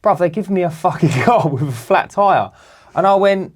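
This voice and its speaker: A man, co-hosting a podcast and telling a long story in a lively, sweary way. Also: sits high, moderate pace, slightly rough. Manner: animated, swearing, acts out other people's voices. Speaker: podcast co-host. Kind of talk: casual storytelling.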